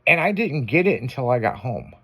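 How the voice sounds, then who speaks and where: A man telling a story on a casual afternoon radio show. His pitch sits in the middle range. He swears freely, keeps the talk loose, and acts out what other people said. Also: a little fast, slightly rough. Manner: profane, animated storytelling with acted quotes.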